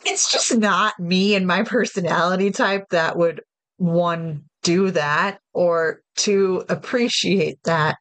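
A woman's voice: lowish voice, fairly even intonation, takes it slowly, a bit bright, no echo. A woman co-hosting a casual podcast chat, talking frankly and unhurriedly about games. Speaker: podcast co-host.

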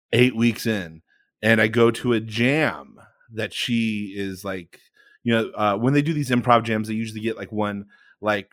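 A man's voice: fairly low pitch, fairly bright tone, no room sound, studio quality. A man co-hosting a casual podcast, telling rambling stories with laughter. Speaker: podcast co-host. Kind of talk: casual chat among improvisers.

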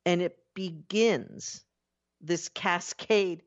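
A woman with a deep, low voice gives a spiritual talk to her listeners. She is expressive, playing out everyday inner voices and drawing out her key words. The recording sounds a little dull and lo-fi. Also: takes it slowly. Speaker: spiritual teacher.

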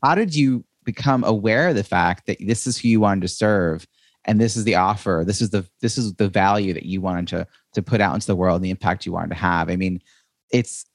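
A low-voiced podcast host asks long, rambling questions during a conversational interview, cycling through fillers before arriving at each one at a fairly quick pace. The audio is dry and close, without room echo.

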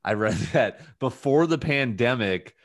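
A man's voice: mid-range voice, lively intonation, a little slow, no echo. A man in his twenties hosting a casual podcast from his home studio, rambling through stories with lots of fillers. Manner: rambling, filler-heavy storytelling. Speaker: podcast host.

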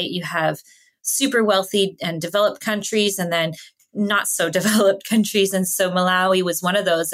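A woman from Canada, a podcast guest telling lively travel stories and laughing along the way. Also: fairly low pitch. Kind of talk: casual interview storytelling.

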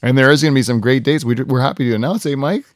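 A man's voice: medium pitch, racing. A man hosting a podcast, telling a road trip story in a loose, laughing, swearing way. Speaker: podcast host. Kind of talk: casual storytelling chat.

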